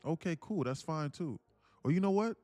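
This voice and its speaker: A man's voice: on the high side, lively intonation, normal speed, a little mellow, no room sound, soft background music. A young man hosting a live trading stream, talking earnestly and repetitively, calling listeners "man" and "bro" and reading chat messages aloud. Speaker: livestream trading host. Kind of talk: casual motivational livestream talk.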